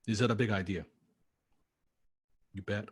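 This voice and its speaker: Low-pitched and husky, his voice holds a steady tone at a measured pace. He's a course instructor recording a lecture, blunt and punchy, peppering listeners with rhetorical questions, asking "right?" after each point, and swearing now and then for emphasis.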